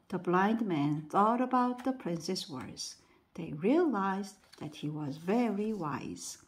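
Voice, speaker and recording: Slow, lively woman reading bedtime stories. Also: mid-range voice. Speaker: storyteller.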